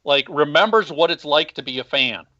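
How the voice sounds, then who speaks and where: Man caller, bright and forceful, blunt opinions, muffled phone-in sound. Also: fairly high pitch, animated, normal speed. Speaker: podcast host and former band marketer. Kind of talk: casual call-in interview. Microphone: phone call.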